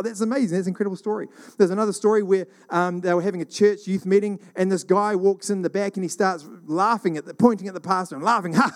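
A middle-aged man from New Zealand telling rambling church stories in a casual, animated monologue. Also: high-pitched. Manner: rambling, animated, acts out quoted voices.

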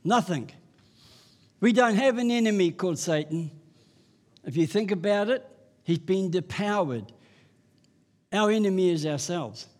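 An older man preaching an impassioned sermon, building to loud repeated refrains and then dropping to softer testimony. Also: sits high, expressive, unhurried, pauses often. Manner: impassioned, repetitive refrains, rising to loud peaks.

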